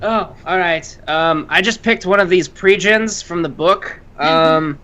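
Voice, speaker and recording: A man's voice: high-pitched, measured pace, bright, forceful tone. A man playing a tabletop game and describing his character in rambling casual talk full of fillers. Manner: rambling, lots of "like" and restarts. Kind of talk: casual play-along chat.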